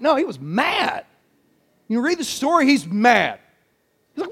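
A man preaching a sermon in an animated, joking, emphatic way. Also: very high-pitched, a little slow, husky. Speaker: pastor.

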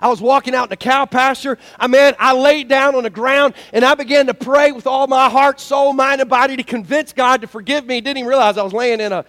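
A man preaching a sermon as pastor, in a folksy, animated storytelling manner with lots of fillers. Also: very high voice, a little fast, hardly any pauses.

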